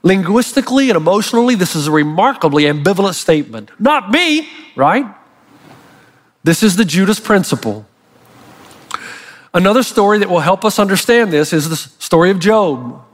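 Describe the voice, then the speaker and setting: A man preaching a sermon as pastor, animated and emphatic as he tells stories. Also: high voice, fairly quick. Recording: long hall reverb.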